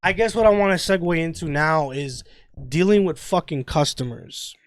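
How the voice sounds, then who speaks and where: A young man co-hosting a casual podcast, telling work stories with lots of profanity and animated delivery. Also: fairly high pitch, normal speed. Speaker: podcast co-host.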